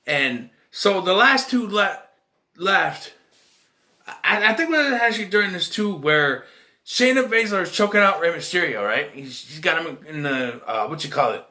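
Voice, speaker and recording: A man's voice: high-pitched, expressive, moderate pace, sharp tone. A man casually recapping a wrestling event, rambling and chuckling as he tells it. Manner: rambling, chuckling, loose slangy storytelling. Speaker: wrestling vlogger.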